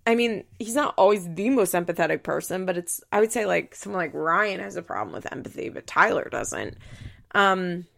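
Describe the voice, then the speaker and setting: Young woman, podcast host, casual recap talk, gravelly vocal fry. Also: lowish voice, expressive, normal speed, a bit bright. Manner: chatty, uses "like" a lot, acts out quotes.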